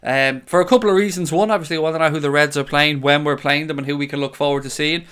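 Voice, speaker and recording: A man's voice: a little high, steady tone, quick pace, a bit bright, clear, resonant tone. A young Irish man hosting a live fan stream, chatting casually, blunt and sweary, reading out viewers' comments. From Ireland. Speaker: fan channel host reading live chat.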